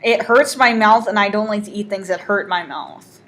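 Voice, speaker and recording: A young woman from the Midwest co-hosting a podcast, making dry, deadpan jokes in casual chat. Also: medium pitch, normal speed. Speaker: podcast co-host.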